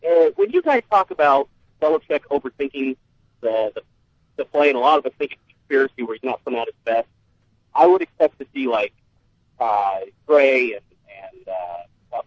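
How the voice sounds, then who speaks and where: Male caller, rambling and halting, muffled phone line, dry. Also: mid-range voice, animated, no room sound. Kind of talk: call-in radio chat.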